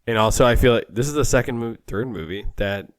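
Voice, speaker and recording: A man's voice: mid-range voice, quick pace. A man co-hosting a casual podcast, trading dry teasing remarks and laughing often. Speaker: podcast co-host. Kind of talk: casual chat.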